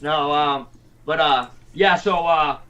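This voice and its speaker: A man's voice: a little high, slow, pushed and bright, highs cut off, slight background noise. A man from Tennessee hosting a casual livestream show, talking in an easygoing way, full of fillers and repeated words. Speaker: podcast host.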